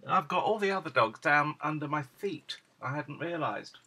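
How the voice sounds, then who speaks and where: A man at home showing off his dogs, switching into high cooing baby talk whenever he speaks to them. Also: expressive, moderate pace, sharp tone, husky, poor audio. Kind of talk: casual home video chat.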